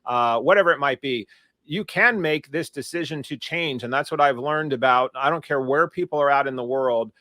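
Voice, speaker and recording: A man's voice: medium pitch, moderate pace, pushed and bright, no echo. A man hosting a business show, asking long, winding interview questions. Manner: rambling, wordy questions with many restarts. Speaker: podcast host.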